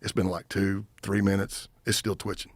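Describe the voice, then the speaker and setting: A man in his fifties, a retired undercover agent and podcast guest, telling a story in an animated way and acting out what the other people said. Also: deep voice, normal speed, no room sound.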